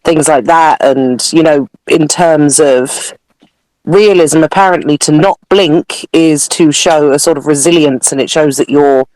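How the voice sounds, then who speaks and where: A podcast co-host chatting casually about a film, musing aloud and tossing in asides. The voice sits at a middle pitch. The recording is dry and close. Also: measured pace, a little mellow, dry recording, rough recording. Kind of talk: casual film review chat.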